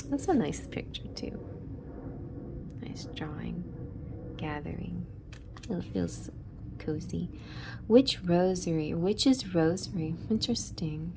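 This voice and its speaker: A woman hosting her own channel, flipping through a card deck and reading its texts in a soft half-whisper between casual, laughing asides. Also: fairly low pitch, unhurried, vocal fry, slight background noise. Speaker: tarot channel host. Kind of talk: deck flip-through review.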